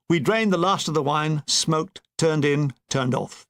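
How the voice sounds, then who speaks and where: A man reading a war memoir aloud as an audiobook, telling it in a wry, expressive way. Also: a little high, measured pace, hardly any pauses. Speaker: audiobook reader.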